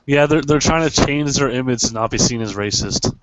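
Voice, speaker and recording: A man's voice: mid-range voice, a little fast, a bit bright, rough recording. A man co-hosting a casual podcast chat, joking loosely and stumbling over repeated words. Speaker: podcast co-host.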